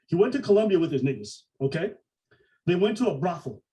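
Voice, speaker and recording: A man on a podcast ranting in a mocking, profane way, with lots of quick restarts and acted-out quotes. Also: on the high side, big pitch swings, mellow, distant mic, poor audio. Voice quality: mocking, profane, fast-talking. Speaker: podcast co-host. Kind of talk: heated podcast rant.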